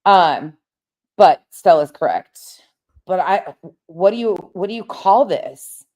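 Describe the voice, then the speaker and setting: A woman with a lowish voice chats casually on a late-night livestream, answering her viewers directly. She gets heated and swears freely, and she paces while she talks. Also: lively intonation, slow pace, darkish tone, muffled recording. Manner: paces around while talking. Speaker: livestream host reading chat.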